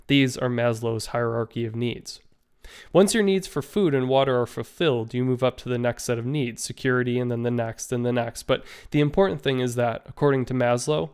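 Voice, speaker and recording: A man reading a novel aloud for his students, steady and measured. His voice is smooth and clear, at an everyday middle pitch. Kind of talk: audiobook narration.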